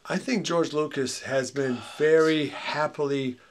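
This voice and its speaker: A man co-hosting a casual comedy podcast, chatty and rambling, quick to laugh. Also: a little high, fairly even intonation, slight background noise. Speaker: podcast co-host.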